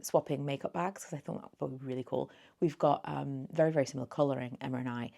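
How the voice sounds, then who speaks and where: A woman's voice: a bass voice, creaky, a little mellow. A woman near forty, chatting casually through a thrift haul, rambling and a little slurred as if just woken. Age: late 30s. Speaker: beauty vlogger.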